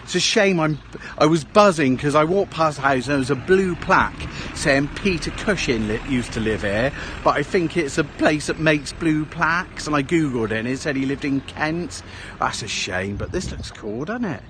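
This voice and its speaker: A vlogger talks casually while walking through a small outdoor town, rambling along and tagging "eh?" onto what he says. His voice sits on the high side with lively intonation and normal speed, against a noisy background.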